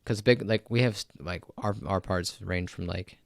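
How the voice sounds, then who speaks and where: A man's voice: low-pitched, normal speed, gravelly, no echo, studio quality. A young man co-hosting a podcast, laid-back and matter-of-fact, often answering in short replies. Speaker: podcast co-host. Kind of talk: casual chat.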